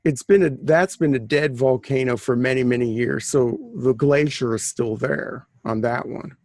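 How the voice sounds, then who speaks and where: A man's voice: mid-range voice, normal speed, darkish tone, dry recording, studio quality. A man guest on an interview, talking about his books in a rambling, chatty way with many restarts. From Southern California. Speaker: author and guest. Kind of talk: casual conversational interview.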